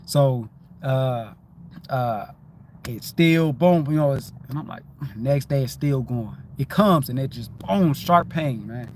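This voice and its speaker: A man talking casually on a livestream, telling a story in a lively way, repeating himself and swearing freely. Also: mid-range voice, slow pace, a little hiss or hum. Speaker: livestream host. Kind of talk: casual spiritual livestream talk.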